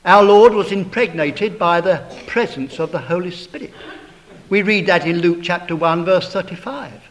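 A man preaching a sermon in a slow, dramatic way, swelling to loud emphatic peaks and sinking to hushed tones. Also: sits high, rough recording. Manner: addresses listeners as brethren, beloved brother.

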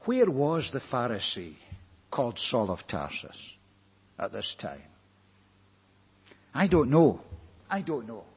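A man's voice: medium pitch, wildly swooping pitch, slow, long pauses. A man preaching a sermon, telling the story dramatically and firing rhetorical questions at his listeners. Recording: echoey hall, dull lo-fi recording.

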